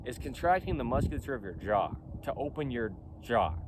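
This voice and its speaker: A man's voice: mid-range voice, sing-song, brisk. A company founder talking outdoors in a casual vlog, speaking emphatically and insistently while repeating his points. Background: faint wind and traffic noise.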